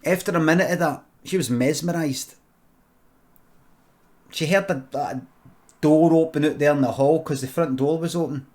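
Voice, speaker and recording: A man's voice: a little high, normal speed, pauses often, a little mellow. A Scottish man improvising a comic story, rambling and swearing freely as he digresses. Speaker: streamer.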